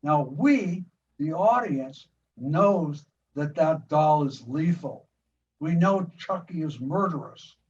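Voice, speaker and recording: An older man from the United States with a fairly high voice tells a story about making a film in animated detail. He keeps restarting and repeating words as he goes. He sounds distant and muffled, with faint hiss in the background. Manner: retells scenes vividly, with many quick restarts and repeated words. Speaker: filmmaker being interviewed.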